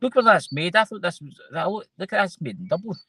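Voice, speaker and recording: A Scottish man hosts a loose, casual chat show and rambles from one point to the next, often trailing off mid-sentence. His voice is bright and forward, and it sits dry and close to the mic. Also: high-pitched, expressive, fast talker, slightly rough, no room sound, rough recording. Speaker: host.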